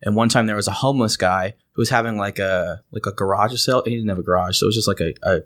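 An American man, hosting a casual chat and telling animated stories. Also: fairly low pitch. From United States. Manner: animated, fast anecdotes with voiced quotes.

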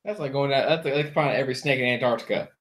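A man's voice: mid-range voice, rapid-fire, a bit bright. A man co-hosting a podcast, blunt and sarcastic in casual chat, swearing now and then. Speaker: podcast co-host.

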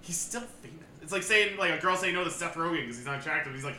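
A young man talks fast and rambles through casual podcast banter, swearing freely. His voice is bright and slightly high. The room echoes noticeably, with a faint hiss behind him. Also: expressive. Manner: rambling, swears, laughs often. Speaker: podcast co-host. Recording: roomy echo, faint background noise.

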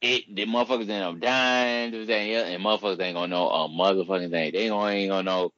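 A man's voice: on the low side, fairly even intonation, fast talker, a bit bright, dry recording, highs cut off. A man in a casual podcast chat, talking animatedly in loose, profane slang.

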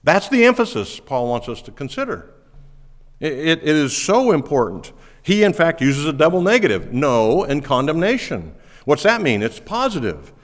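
A man's voice: a little high, sing-song, normal speed, long reverb tail. A man preaching a sermon as pastor, emphatic and earnest, repeating words as he drives home each point.

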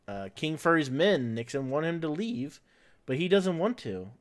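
A man's voice: a little high, big pitch swings, normal speed. A man hosting a casual podcast, recapping an episode in a chatty way, laughing often and filling gaps with "like" and "uh".

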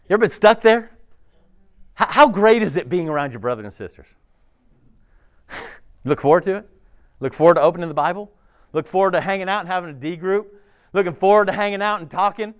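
A man preaching a sermon, his fairly high voice swinging widely up and down. He talks to the congregation in a casual, animated way, laughing and throwing in asides. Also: normal speed, pauses often. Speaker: pastor.

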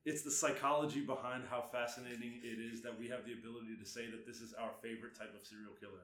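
A man's voice: mid-range voice, level tone, quick pace, a bit bright, a little hiss or hum. Laid-back male co-host, casual musing chat, roomy echo. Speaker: podcast co-host.

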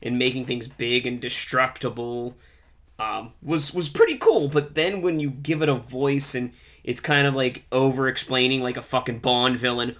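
A man's voice: medium pitch, steady tone, moderate pace, pushed and bright. A man co-hosting a casual movie review chat, ranting sarcastically and swearing often. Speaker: podcast co-host.

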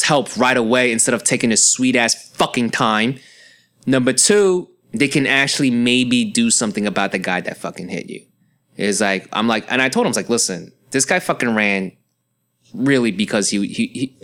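A man's voice: fairly low pitch, fairly bright tone. A young man, ranting in a profane, heated casual monologue as a podcast host.

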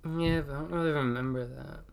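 Quiet man with a gravelly voice. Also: fairly high pitch, steady tone, brisk. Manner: quiet, brief, hesitant replies. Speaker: podcast guest. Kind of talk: casual podcast chat.

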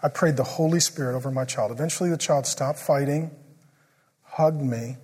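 A middle-aged man preaching a sermon, joking through family stories and turning quiet and earnest when he prays. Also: medium pitch, moderate pace, husky. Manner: joking storyteller who turns quiet and earnest in prayer. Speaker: pastor. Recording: long hall reverb.

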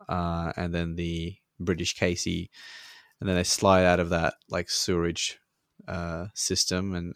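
An Australian man co-hosts a podcast in loose, rambling chat, swearing freely and breaking into laughs. His voice sits low. The recording is dry and close, with no room sound. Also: vocal fry, dry recording. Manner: rambling, profane, laughs often. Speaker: podcast co-host. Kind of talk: casual chat.

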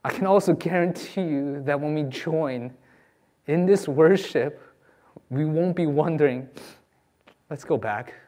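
A man's voice: on the high side, a little slow, long pauses, warm tone. A man preaching a sermon as a pastor, earnest and pleading with his listeners.

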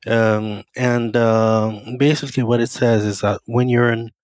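A man talking as a podcast guest, calmly explaining in casual conversation. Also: medium pitch, unhurried, no echo, poor audio. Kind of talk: casual interview chat.

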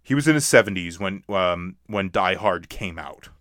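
A man's voice: deep voice, animated, normal speed, fairly bright tone, dry recording, studio quality. Rambling man chatting about movies. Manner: rambling, many restarts and fillers. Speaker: podcast co-host. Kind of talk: casual movie chat.

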